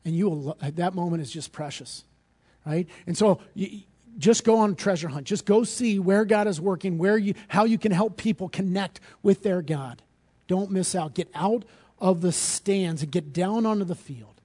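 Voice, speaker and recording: A man preaching a sermon as pastor, earnest and direct, rising to emphatic peaks and dropping low. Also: normal speed, dark tone.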